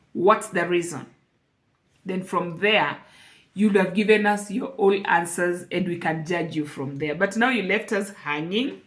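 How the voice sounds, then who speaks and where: A woman speaking to camera in an emotional personal vlog, earnest and repeating phrases for emphasis. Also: fairly low pitch. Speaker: vlogger.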